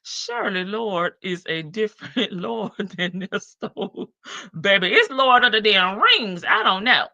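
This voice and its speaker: A woman's voice: medium pitch, big pitch swings, unhurried, creaky, pushed and bright, no echo, highs cut off. A woman hosting a live stream, giving sassy casual commentary on jail calls and answering chat. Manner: sassy, talks back to chat, laughs often.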